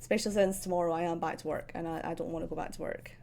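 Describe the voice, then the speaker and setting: A young woman from central Scotland, her accent softened and slightly posh, chats casually while drawing on a stream, rambling with lots of ums and likes and frequent laughter. Her voice sits on the low side, gravelly and steady, and she talks rapid-fire over soft background music.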